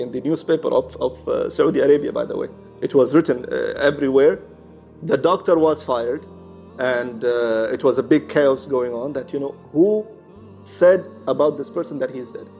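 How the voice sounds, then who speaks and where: A man with a fairly high voice recounts a religious true story. He talks casually, with plenty of fillers and Arabic expressions. The recording sounds a little muffled, with soft music in the background. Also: vocal fry. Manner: conversational, many fillers and restarts, sprinkled with Arabic phrases. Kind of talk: casual storytelling with acted quotes. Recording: slightly muffled, faint music behind.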